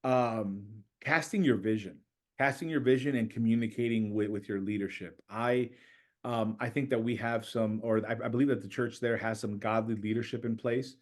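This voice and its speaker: A middle-aged man, a church planter and podcast guest, telling stories in conversation and acting out quoted voices with a rising pitch. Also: normal speed. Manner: animated, acts out quoted voices with raised pitch. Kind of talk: storytelling in conversation.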